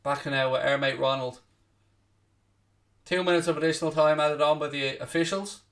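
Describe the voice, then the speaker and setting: A man hosting a live football watchalong, commentating casually, swearing a little, mocking himself, and shouting out loud at big chances. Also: on the high side, moderate pace, distant mic. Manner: self-deprecating, swears casually. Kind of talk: live match commentary and chat with viewers.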